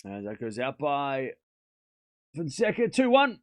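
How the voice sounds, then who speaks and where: Male streamer, animated delivery, dry close mic, casual banter with viewers. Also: mid-range voice, measured pace, no echo. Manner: chatty, teasing the chat, calls points as they happen. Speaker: streamer calling a tennis watchalong. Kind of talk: casual live-stream commentary.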